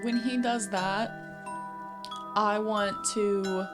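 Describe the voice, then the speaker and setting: A woman describes her actions in a tabletop game in a hesitant, questioning way. Her voice sits at a middle pitch. Clear music plays in the background. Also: fairly even intonation, drawn-out words. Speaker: player. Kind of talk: casual tabletop play.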